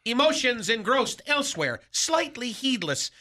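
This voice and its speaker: A long-winded, pompous lovesick fellow, as a man puts him on for a radio comedy sketch. The tone is strikingly bright and thin, and he piles up fancy words with deadpan self-importance. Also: extremely high pitch, unhurried, heavily acted. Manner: flowery, overblown vocabulary, deadpan bragging. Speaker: recurring comedy character.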